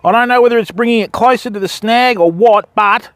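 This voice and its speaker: A man's voice: a little fast, fairly bright tone, dry recording. An Australian man chatting on a live fishing stream, talking to his viewers and to dogs outdoors by the water. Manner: chatty, calls dogs in a high sing-song voice.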